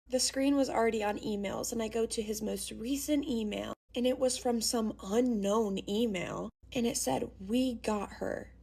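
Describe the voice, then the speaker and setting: A young woman tells a story in a casual, rambling, chatty way and plays up the drama as she goes. Her voice sits a little high. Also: creaky, darkish tone.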